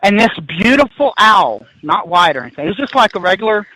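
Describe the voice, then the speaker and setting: A man in his fifties, a podcast guest, telling a spooky story in an animated, excitable way, restarting sentences and laughing as he goes. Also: sits high, quick pace, no room sound, rough recording. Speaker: guest paranormal investigator.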